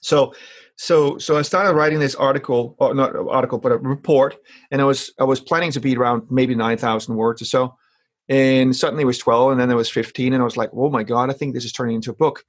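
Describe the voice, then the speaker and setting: A man's voice: medium pitch, steady tone, a little fast. A man speaks as a guest in a casual interview. He is earnest and often repeats words while he works out his thoughts. He coaches public speaking.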